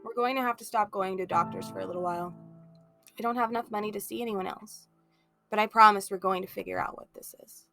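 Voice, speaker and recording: A woman reading the lines of a gentle, worried mother of a sick teenager, speaking softly and soothingly over background music. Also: medium pitch, fairly even intonation, quick pace, vocal fry, dry recording, pitched below the performer's own voice. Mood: somber. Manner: soft, soothing.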